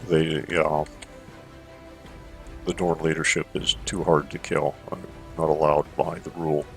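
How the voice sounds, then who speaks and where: A man giving measured strategy gameplay commentary into a desk microphone, thinking aloud with fillers as he plays. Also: very deep voice, level tone, gravelly, a bit bright, faint music behind.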